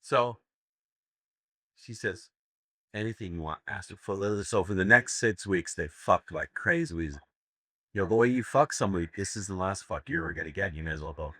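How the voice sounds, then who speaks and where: A man's voice: deep voice, expressive, moderate pace, bright, forceful tone, slightly rough, no room sound, clean studio sound. A man giving a live seminar talk, telling crude jokes as stories and laughing at his own punchlines. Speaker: seminar speaker. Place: seminar room with audience.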